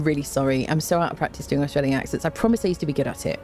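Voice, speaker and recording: A woman's voice: deep voice, fast talker, few pauses, warm tone, soft background music. A tired woman game streamer in casual live-stream chat, bubbly and chatty as she greets her viewers one by one with repeated hellos.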